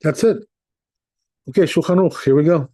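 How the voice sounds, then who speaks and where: A man's voice: on the high side, a little fast, dark tone, slightly rough. A man teaching Jewish law as a rabbi in a casual class, talking conversationally and chuckling often. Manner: conversational, sprinkles in "right?" and "you know", chuckles often.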